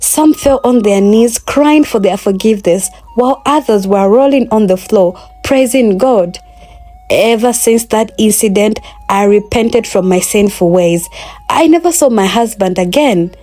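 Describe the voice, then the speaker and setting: A woman tells a moral folktale in the first person. She speaks earnestly and in a moralizing way. Her voice sits at a middling pitch. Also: animated, measured pace, dark tone. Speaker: storyteller. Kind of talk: first-person story narration.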